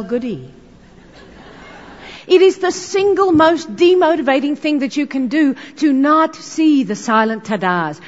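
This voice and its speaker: A woman giving an exuberant motivational keynote on stage, throwing in loud cheers. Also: high voice, big-room sound, lo-fi sound, noisy background. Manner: exuberant, shouts ta-da. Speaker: motivational speaker.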